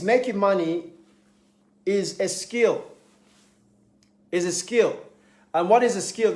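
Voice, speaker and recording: A man's voice: high voice, darkish tone. A man giving a motivational talk, emphatic, repeating key points and acting out little scenes. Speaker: motivational speaker. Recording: echoey room.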